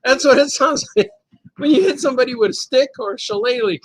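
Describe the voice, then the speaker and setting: A man's voice: extremely high pitch, fast talker, rough recording. A man hosting a live show, chatting casually and rambling from joke to joke, laughing often as he reads viewer comments. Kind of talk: casual live-stream chat.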